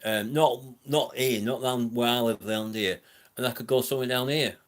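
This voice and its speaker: A man's voice: mid-range voice, normal speed. Rambling man with a northern Lancashire accent. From England. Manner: rambling, chatty, many ums, reads out chat comments. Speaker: live stream host. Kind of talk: casual live stream chat.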